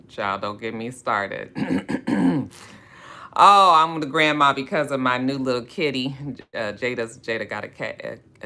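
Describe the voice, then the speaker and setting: Low-voiced woman chatting on a livestream. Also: sharp tone. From West Coast of the United States. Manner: greets viewers by name, chatty and drawling. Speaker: book club host. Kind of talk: casual livestream chat.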